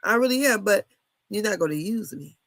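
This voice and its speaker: Woman, 50s, reality TV commentator; casual, blunt, gravelly, laughs a lot. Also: medium pitch, lively intonation, a little fast, fairly bright tone, dry recording. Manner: candid, laughing, blunt with cussing. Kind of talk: casual chat.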